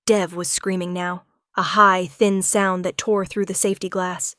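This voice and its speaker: A woman's voice: lowish voice, little pitch movement, measured pace, a bit bright, no echo, clean studio sound. A woman giving dramatic first-person audiobook narration of a tense thriller.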